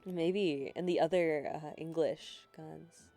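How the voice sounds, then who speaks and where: A woman's voice: deep voice, fairly even intonation, slow pace, dark tone, soft background music. Rambling, giggly young woman streamer. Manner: rambling, giggly and self-deprecating, with swearing and apologies. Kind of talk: casual game commentary. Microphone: handheld mic, no desk.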